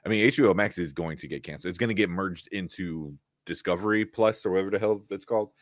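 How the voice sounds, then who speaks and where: A man's voice: low-pitched, quick pace, dry recording, clean studio sound. A man co-hosting a casual live chat show, easygoing, with lots of fillers and agreeing asides. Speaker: co-host.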